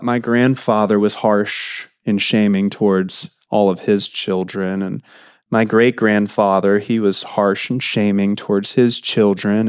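A man preaching a sermon in a conversational way, his pitch jumping up for emphasis. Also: dry recording, clean studio sound. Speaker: pastor.

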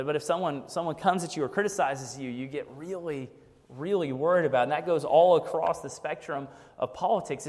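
A man's voice: fairly high pitch, darkish tone. A man preaching a casual, conversational sermon, peppering his points with "like" and "right?". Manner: casual, frequent "like" and "right?" asides. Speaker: pastor. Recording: long hall reverb.

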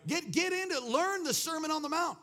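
A man's voice: extremely high pitch, lively intonation, fairly quick, sharp tone. A man preaching a sermon, telling a rambling story full of fillers and restarts, then exhorting his congregation. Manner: rousing, exhorting. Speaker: pastor.

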